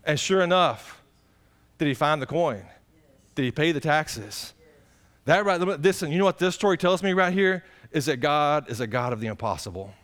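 A middle-aged man preaching a sermon, his voice sitting high for a man. He talks in a folksy, conversational way, asks the congregation questions, and swings between excited, raised passages and low, quiet asides. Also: normal speed. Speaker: pastor.

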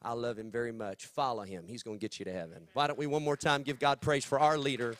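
A man's voice: medium pitch, fairly even intonation, fast talker, a bit bright. A man from Texas with a Southern accent, preaching as a guest with a playful, joking manner. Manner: playful, joking, drawls "y'all". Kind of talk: sermon.

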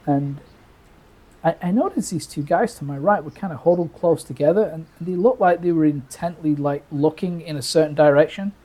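A man from Britain tells a birding story in a casual, animated way. He restarts his sentences often and acts out what people said. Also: a little high, normal speed. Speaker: birder telling a story.

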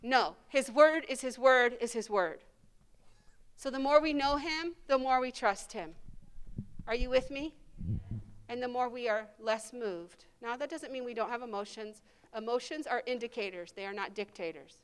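Woman pastor preaching, smooth clear voice kinda high, lots of back and forth with the crowd. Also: moderate pace. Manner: emphatic, call-and-response preaching. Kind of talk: sermon with prayer. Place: church service.

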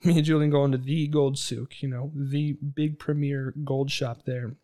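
A man's voice: mid-range voice, flat delivery, moderate pace, mellow. A young man in his twenties telling rambling, profane stories in casual chat, acting out the people he quotes.

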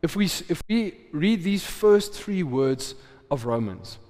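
A man preaching in a casual, chatty way, tossing questions at the congregation and laughing easily. His voice sits a little high for a man. A long reverb trails each phrase through the hall. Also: big pitch swings, a little slow, darkish tone. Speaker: pastor. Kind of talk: sermon.

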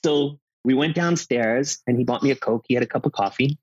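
Husky-voiced man telling stories. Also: mid-range voice, fairly quick, no room sound, muffled recording. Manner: animated storyteller, acts out quotes. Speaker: actor. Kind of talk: casual chat.

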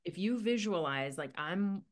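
A woman hosting a faith podcast, thinking aloud in a halting, searching way with many restarts as she asks her guest questions. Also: on the low side, lively intonation. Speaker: podcast host; women's ministry mentor. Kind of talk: faith-based casual conversation.

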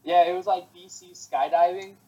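A man's voice: high voice, steady tone, normal speed, warm tone, lo-fi sound. Laid-back young man rambling casually. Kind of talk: casual chat.

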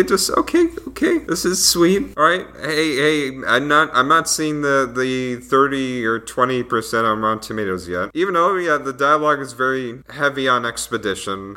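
A man's voice: medium pitch, sharp tone. A man giving a casual, rambling movie review, restarting sentences and making wry asides.

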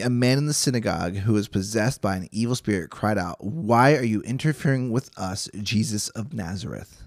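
A man's voice: on the low side, a little mellow, no echo, clean studio sound. A young man hosting a Bible study podcast, reading scripture and chatting casually with jokes and frequent restarts. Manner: chatty, jokey, self-interrupting.

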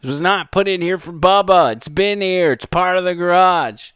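Commentator, male, sarcastic and mocking, smooth dry mic sound. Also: high-pitched, normal speed, fairly bright tone, dry recording. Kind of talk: opinion commentary over clips.

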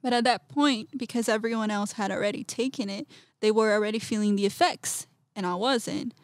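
A woman, a podcast guest, telling a personal story in an animated way, acting out quotes and laughing often. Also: mid-range voice, a little fast, no echo, clean studio sound.

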